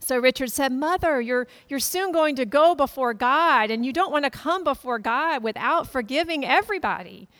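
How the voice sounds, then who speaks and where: Woman pastor, slightly high voice, gentle storytelling sermon. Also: animated, moderate pace, hardly any pauses. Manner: gentle storytelling, quoting family members softly.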